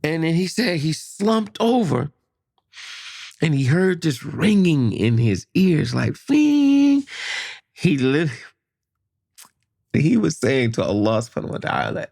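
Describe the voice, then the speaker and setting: A man spins a story in loose, casual talk. His pitch leaps and dips all over as he acts out the voices and the noises. He keeps it lively from line to line. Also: measured pace, vocal fry, pauses often. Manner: animated, acts out voices and sound effects. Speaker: podcast guest.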